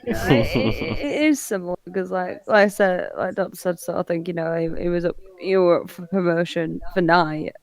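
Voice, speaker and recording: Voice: mid-range voice, lively intonation, normal speed, hardly any pauses. A podcast co-host, chatting and teasing in a casual conversation. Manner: chatty, teasing, laughs often. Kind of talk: casual chat.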